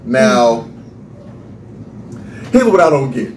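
A man co-hosting a casual podcast, ranting in an animated, profane way and laughing often. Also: medium pitch, very slow. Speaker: podcast co-host. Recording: roomy echo, faint background noise.

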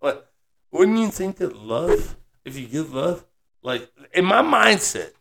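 A man with a high, animated voice and a gravelly edge, co-hosting a relaxed conversation. He muses philosophically, swinging up and down in pitch and breaking into easy laughter between thoughts. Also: slow. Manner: musing, philosophical, laughs easily. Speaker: podcast co-host. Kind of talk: casual chat. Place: Texas.

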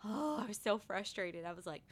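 Woman in her thirties, podcast co-host, casual chat, lively storytelling, mid pitch. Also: moderate pace. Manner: animated storytelling, acts out her kids' voices.

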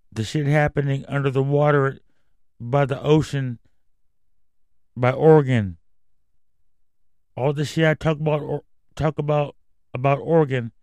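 A man's voice: medium pitch, darkish tone, no echo. A man hosting a casual news commentary podcast, reading headlines and then going off on profane, rambling rants. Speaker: podcast host.

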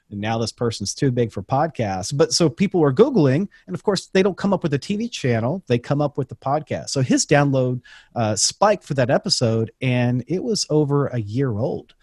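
A man's voice: mid-range voice, a little mellow, breathy edge, dry recording. Man talking shop on a podcast, very dry sound. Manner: conversational, explains with examples, frequent restarts. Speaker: podcast director guest. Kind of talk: casual interview talk.

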